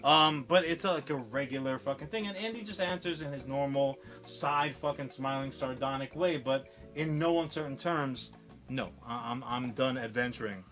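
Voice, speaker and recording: Excitable bright-voiced man recapping. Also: a little high, normal speed, hardly any pauses, soft background music. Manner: profane, rambling storytelling with acted quotes. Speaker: podcast co-host. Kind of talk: casual movie recap.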